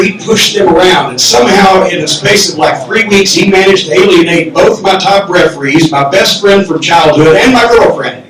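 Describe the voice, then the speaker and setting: Loud profane older man telling stories. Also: sits high, far from the mic. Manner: loud, animated, profane, acts out quotes. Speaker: storyteller guest on live podcast. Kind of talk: profane comedic storytelling. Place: comedy club stage. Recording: roomy echoey club from the mic.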